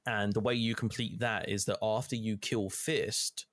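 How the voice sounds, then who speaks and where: A man's voice: lowish voice, little pitch movement, moderate pace, a bit bright, no echo. A young man casually recapping a video game, rambling with lots of fillers and casual swearing. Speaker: gamer recapping play. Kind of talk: casual chat.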